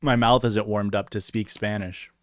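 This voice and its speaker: A man's voice: on the low side, little pitch movement, normal speed, no echo, clean studio sound. A male streamer chatting casually on a live stream, joking and laughing, and reading mock-grand poems. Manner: laughing, joking, playful overblown poem reading.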